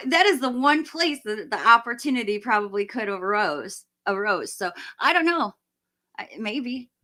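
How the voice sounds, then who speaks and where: A woman in her forties hosts a casual live stream with a bright, forceful voice. She talks bluntly and with strong opinions, often ranting with a laugh in it. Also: mid-range voice. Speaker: livestream host. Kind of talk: casual live movie review chat.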